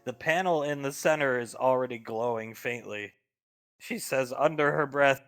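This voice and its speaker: Bright-voiced man game master. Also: mid-range voice, normal speed, smooth. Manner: descriptive, steady narration. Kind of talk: narrating a tabletop game.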